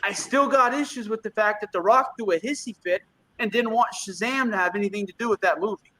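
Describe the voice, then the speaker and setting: Guy with a high bright voice, swearing a lot, blunt opinions on a podcast. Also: a little fast, rough recording. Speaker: podcast co-host. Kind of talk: casual pop-culture chat.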